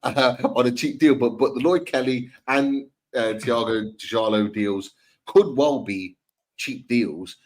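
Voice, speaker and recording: A man's voice: medium pitch, a little slow. A man co-hosting a casual football podcast, rambling and repeating himself as he talks through players. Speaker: podcast co-host. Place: home, remote live stream. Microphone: video call mic.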